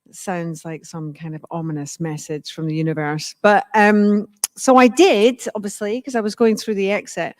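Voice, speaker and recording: A Scottish woman, a guest actor, telling stories on a convention stage in an animated, giggly, sweary way. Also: medium pitch, no echo, studio quality. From Scotland. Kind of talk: lively convention panel chat.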